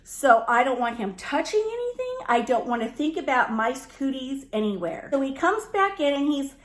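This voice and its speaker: A middle-aged woman vlogging from home, telling a story in a lively casual way and acting out the dialogue. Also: sits high, moderate pace. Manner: animated, acts out both sides of the story. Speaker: lifestyle vlogger. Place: home room. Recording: echoey room.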